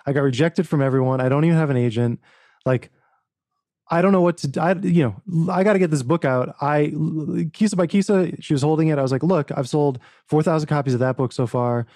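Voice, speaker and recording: A man, an author and book producer, telling a story as a podcast guest in an animated way, acting out quoted dialogue and restarting often. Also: fairly high pitch, fast talker, no room sound, clean studio sound. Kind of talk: casual interview storytelling.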